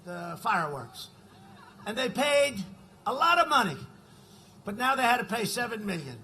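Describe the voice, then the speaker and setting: A man's voice: sits high, very animated, moderate pace, sharp tone, slight background noise. A man addressing a campaign rally in a rambling, repetitive way, often checking in with the crowd. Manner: rambling, repetitive, keeps asking the crowd "right?". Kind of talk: rally speech.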